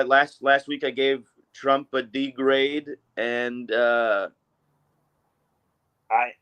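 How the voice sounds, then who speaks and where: A man's voice: medium pitch, a bit bright, clean tone, rough recording. A man co-hosting a weekly talk stream, speaking in a casual, rambling way with many fillers and restarts. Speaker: co-host. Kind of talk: casual political chat.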